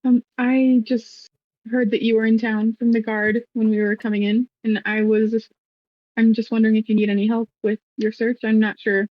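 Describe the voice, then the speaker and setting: A woman's voice: on the high side, flat delivery, moderate pace, no room sound, lightly acted. A woman voicing a polite, earnest young woman adventurer who speaks hesitantly. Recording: dull lo-fi dry mic.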